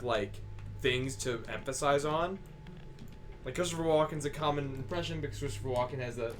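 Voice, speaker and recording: A man hosting a game stream in casual chat, rambling, laughing often and swearing freely. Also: a little high. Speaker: stream host. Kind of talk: casual chat while gaming.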